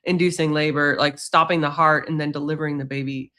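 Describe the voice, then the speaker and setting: A man's voice: fairly high pitch, fairly even intonation, a little fast, bright, forceful tone. A man hosting a casual podcast, talking bluntly and with sarcasm. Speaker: podcast host.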